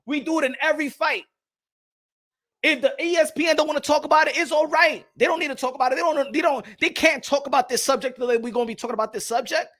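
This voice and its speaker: A man hosting a casual boxing commentary vlog, ranting loudly and profanely, repeating phrases and laughing at his own points. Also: extremely high pitch, quick pace. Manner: loud, profane, heated ranting with bursts of shouting. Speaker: boxing channel host.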